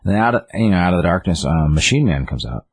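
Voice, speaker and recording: A man's voice: low-pitched, big pitch swings, fast, breathy edge, no room sound. A man casually retelling a story's plot in a rambling way, with lots of fillers and quoted lines.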